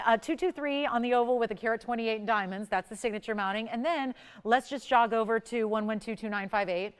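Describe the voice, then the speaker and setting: A woman's voice: medium pitch, clear, resonant tone. Gushing woman shopping channel host. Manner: effusive, gushing with exclamations. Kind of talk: live jewelry sales pitch. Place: TV studio.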